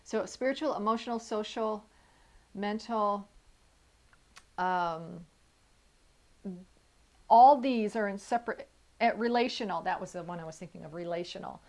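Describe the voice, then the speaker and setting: A woman's voice: mid-range voice, darkish tone. A woman coaching the viewer in an earnest, encouraging talk. She speaks directly to whoever is watching and stops now and then to correct herself as she writes her points down. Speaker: inner life coach. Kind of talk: motivational video talk.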